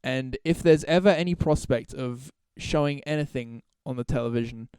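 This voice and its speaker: A man's voice: mid-range voice, normal speed, a little mellow, clear, resonant tone, dry recording, studio quality. A man hosting a solo podcast, talking casually in long, rambling, profane stretches full of restarts and laughs. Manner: laughs through his stories. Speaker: podcast host.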